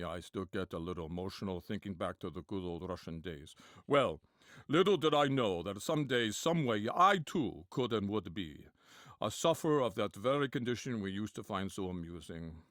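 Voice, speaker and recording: A man voicing a solemn commercial testimonial giver, speaking slowly and gravely. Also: mid-range voice, a bit bright, no room sound, studio quality. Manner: slow, mock-solemn delivery.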